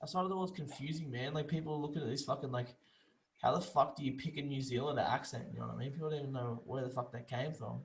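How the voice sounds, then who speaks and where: A man's voice: medium pitch, fast talker, poor audio. A young man co-hosting a podcast, chatting loosely about fights and swearing freely. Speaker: podcast co-host. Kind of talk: casual sports chat.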